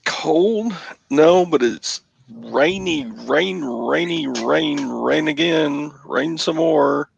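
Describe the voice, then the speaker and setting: An easygoing man co-hosting a morning show, talking slowly in a deeply gravelly voice. The recording is dull and lo-fi, with a dry sound. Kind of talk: casual chat.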